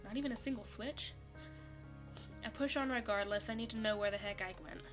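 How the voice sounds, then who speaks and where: A young woman streaming a visual novel, reading the story and her character's lines aloud and breaking into animated, laughing reactions. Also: a little high, brisk, music in the background. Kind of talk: reading a game script aloud with commentary.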